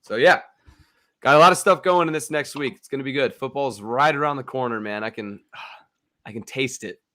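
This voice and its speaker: A man's voice: mid-range voice, moderate pace, bright, forceful tone. Laid-back young man hosting a podcast. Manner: laid-back, slangy, says "bro" and "dude" a lot. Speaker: podcast host. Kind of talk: casual sports podcast chat.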